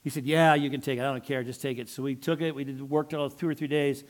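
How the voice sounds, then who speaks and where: An older man preaching a sermon, telling a personal story and acting out the quotes with animated emphasis. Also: mid-range voice, fast talker. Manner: storytelling, animated, acts out his own quotes. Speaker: pastor.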